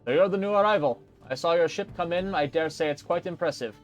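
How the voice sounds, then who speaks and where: A man voicing a friendly, portly male quartermaster in a rough attempt at an Italian accent, jovial and teasing. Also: on the high side, fast talker, soft background music, pitched above the performer's own voice, close to an everyday voice. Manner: jovial, teasing, a little smug.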